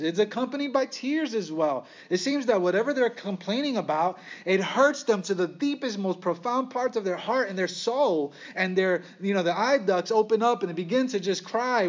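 A man with a high, light voice preaches a sermon, throwing out rhetorical questions and wry asides with lively energy. The sound is slightly dull and lo-fi. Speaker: pastor.

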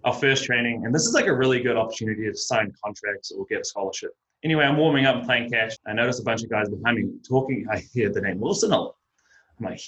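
A man's voice: medium pitch, quick pace. Chatty New Zealand man, lo-fi. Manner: chatty storyteller, relaxed and self-mocking. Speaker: guest, baseball pitcher and teacher. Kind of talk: casual podcast chat. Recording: dull lo-fi audio.

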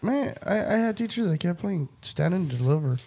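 A man's voice: high voice, animated, moderate pace, creaky, dark tone, slightly rough. A man in a casual chat with friends, making dry wisecracks and laughing often.

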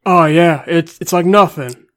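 A man's voice: fairly high pitch, unhurried. A man from New Jersey, joking around casually as a player. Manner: joking, easygoing. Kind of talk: casual chat.

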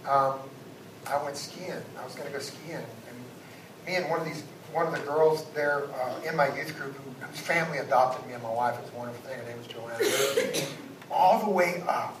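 A man, a guest pastor, preaching a sermon and moving between loud exhortation and hushed asides. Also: medium pitch, normal speed. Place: church sanctuary. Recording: echoey church sound from a distance, background noise.

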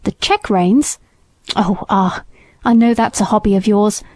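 Self-assured army captain, offhand and breezy, mellow dry voice from a woman reader. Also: medium pitch, fairly even intonation, measured pace, no room sound, lightly acted.

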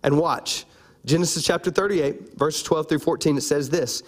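A man preaching a sermon, animated and playful, calling out to his congregation. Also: on the high side, normal speed. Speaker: pastor.

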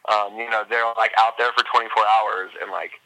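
A man with a fairly low but very bright, sharp voice, chatting as a podcast guest. He talks in an upbeat, rambling way, peppering every thought with fillers. His voice comes through a phone-like line. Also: steady tone, brisk. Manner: chatty, upbeat, full of fillers like "like" and "you know". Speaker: podcast guest, endurance runner. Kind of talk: casual interview chat.

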